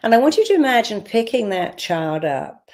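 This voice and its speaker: A woman leading a guided visualization in a calm, directive way, repeating phrases for listeners to say back. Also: a little high, normal speed. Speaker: speaker leading a guided healing exercise.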